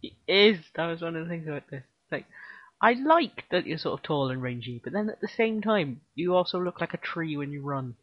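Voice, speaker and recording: A woman's voice: deep voice, sing-song, brisk, no room sound, highs cut off. A woman co-hosting a podcast, chatting about a film in a wry, playful way. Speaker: podcast co-host. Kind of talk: casual film review chat.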